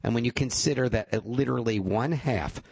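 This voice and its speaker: A man's voice: medium pitch, a little fast, gravelly, darkish tone, husky, no echo. A man hosting a call-in radio talk show, chatting casually and explaining at length with asides.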